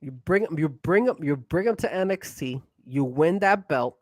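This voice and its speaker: A man's voice: a little high, animated, moderate pace, no echo. A man co-hosting a casual wrestling talk show, pushing his opinions with hyped fan banter. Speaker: co-host.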